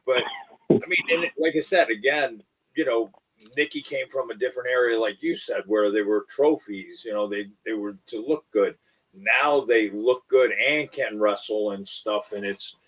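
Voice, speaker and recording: A retired wrestler talking shop in a casual, rambling way, full of fillers and restarts. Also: male voice, fairly low pitch, slightly rough, recorded from a distance, muffled recording.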